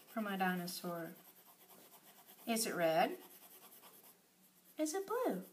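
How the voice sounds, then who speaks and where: A woman leads a preschool circle time in a high, lively voice that swoops up and down. She talks slowly and brightly in a sing-song way, sometimes dropping into a hush. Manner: sing-song, exaggerated storytelling with sudden whispers and shouts. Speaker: preschool teacher. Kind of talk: circle time lesson for young children.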